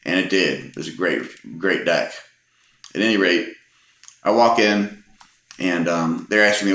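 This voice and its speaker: Deep-voiced and a bit bright, this middle-aged Texan storyteller speaks unhurriedly and pauses often, sharing personal anecdotes in an echoey room. His manner is casual, rambling, and hesitant, with frequent ums and restarts.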